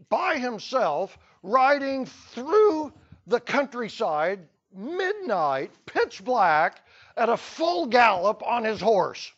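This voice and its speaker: A man's voice: sits high, lo-fi sound. A man teaching a history lesson to a class, telling the story with playful asides. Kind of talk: classroom lecture.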